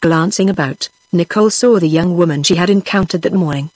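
A synthetic woman's voice with a British English accent, reading a story in an even, steady manner without acting the characters. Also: on the low side, fairly quick, no room sound. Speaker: audiobook narrator. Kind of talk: text-to-speech audiobook reading.

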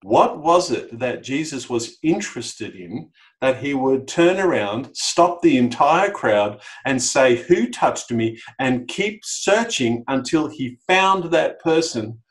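A middle-aged Australian man preaching a sermon as a pastor, telling the story with animated emphasis and lifting his voice for quoted lines. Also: medium pitch, takes it slowly, low-quality recording.

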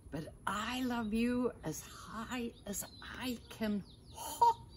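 An older woman reading aloud, voicing a gentle, fond grown male hare from a picture book, in a hushed, unhurried way. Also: fairly high pitch, slight background noise, voice pushed up.

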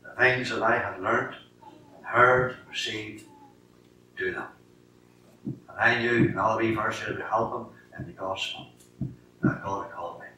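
Bright-voiced Northern Irish preacher, echoey church. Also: male voice, lowish voice, moderate pace, pauses often. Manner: animated storyteller acting out dialogue. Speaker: lay preacher giving testimony. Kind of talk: sermon testimony. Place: church sanctuary. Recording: echoey church from a distance with faint noise.

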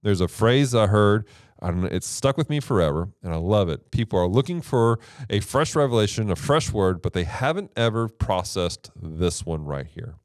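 A man's voice: fairly low pitch, expressive, moderate pace, no room sound, clean studio sound. A man hosting a Bible teaching show, explaining translations in a casual, emphatic way with rhetorical questions.

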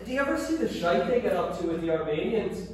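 Man doing a tactless Irish chatterbox, high voice, rambling and apologetic, echoey room, far from the mic. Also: sing-song. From Ireland. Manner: rambling, apologetic, quick to laugh. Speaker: character in a comedy audio sketch. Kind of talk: scripted comedy dialogue. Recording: echoey room, distant mic, faint noise.

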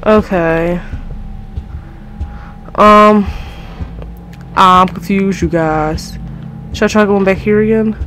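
A woman's voice: mid-range voice, fairly even intonation, takes it slowly, pauses often, a bit bright, a little hiss or hum. A young woman playing a horror game, commenting to her viewers, easily frustrated and swearing often, with faint music behind her. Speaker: gamer.

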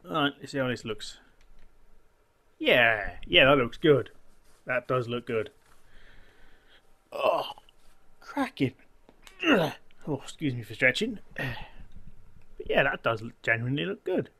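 A man chats casually over his own gameplay, often half-muttering to himself and quietly counting things off. His voice swings animatedly up and down, with a gravelly edge and a bright, forceful tone. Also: mid-range voice, animated, unhurried, long pauses. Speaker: gaming channel host.

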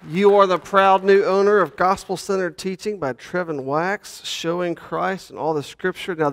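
A male pastor, preaching and reading scripture in a folksy, joking way. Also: fairly high pitch. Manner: folksy, says y'all, jokes with the congregation.

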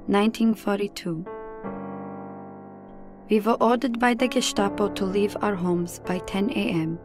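Woman, scripted narration, even and measured, medium pitch, cello behind. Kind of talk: scripted first-person narration. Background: cello music.

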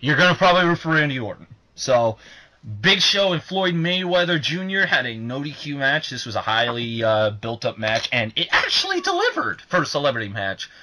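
A young man co-hosting a casual podcast, excitable and swearing freely, who shouts when worked up. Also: on the high side, a little fast. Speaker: podcast co-host.

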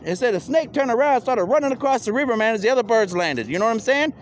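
A man's voice: extremely high pitch, animated, fast, a little hiss or hum. A man speaking a rambling, free-associating monologue outdoors, full of wordplay and calling the listener "man".

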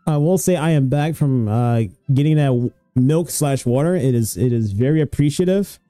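A young man streaming his gacha pulls, excitable and swearing, pleading and groaning at each result. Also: medium pitch, normal speed, dry recording, soft background music. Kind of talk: gacha pull reaction stream.

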